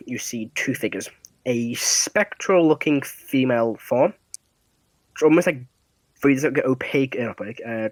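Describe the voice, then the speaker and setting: A man's voice: mid-range voice, no echo. A man running a tabletop game as dungeon master, narrating scenes casually with fillers and laughs.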